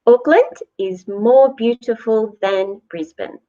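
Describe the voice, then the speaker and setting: A woman teaching English grammar at a slow, deliberate pace, from New Zealand, repeating each word clearly for learners. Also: a little high, mellow. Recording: dull lo-fi recording.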